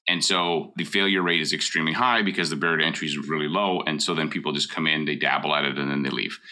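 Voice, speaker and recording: With a bass voice that is steady, bright, and forceful, a middle-aged mortgage broker from Canada speaks quickly in a casual talk, offering blunt, emphatic advice and driving his points home.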